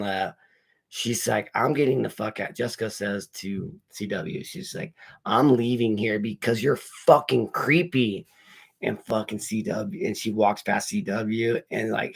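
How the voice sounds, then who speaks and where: Gravelly low-voiced man recapping a movie. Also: a bit bright. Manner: rambling, profane storytelling with quoted dialogue. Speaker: movie reviewer. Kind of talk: casual spoiler recap while unboxing comics.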